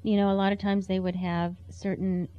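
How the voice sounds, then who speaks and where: A woman's voice: mid-range voice, level tone, moderate pace, clear, resonant tone, muffled recording. A woman sharing a heartfelt personal testimony in an earnest, storytelling way. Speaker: interview guest.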